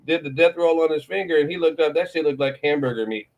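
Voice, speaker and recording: On a lo-fi recording, a middle-aged morning show host from Florida talks fast in a slightly high voice. He chats casually, spinning rambling, profane stories and laughing a lot.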